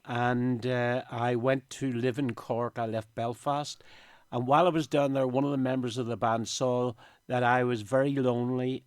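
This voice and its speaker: A man's voice: mid-range voice, clean tone, no room sound, studio quality. Older man, emotional storyteller. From Northern Ireland. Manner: emotional storytelling, tearful at times. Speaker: interview guest. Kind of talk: radio interview. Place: radio studio. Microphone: studio microphone.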